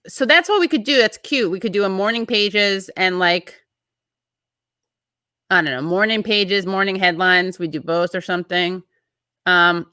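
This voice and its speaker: A woman's voice: fairly low pitch, bright, forceful tone, no echo, studio quality. A woman hosting a casual show, chatting loosely, breaking off mid-thought and reading out viewer comments. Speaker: show host.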